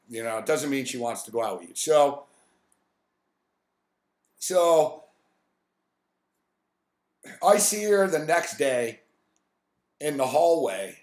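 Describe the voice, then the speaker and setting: A man hosting a live stream, telling a rambling, profane story about a coworker in a casual, animated way. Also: medium pitch, echoey room. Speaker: host.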